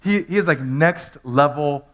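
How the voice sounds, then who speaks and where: A man in his thirties preaching an animated Easter sermon in a church, telling the story with humor and acting out voices. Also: on the high side, a little slow. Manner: storytelling, acts out characters in funny voices. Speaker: pastor. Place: church sanctuary.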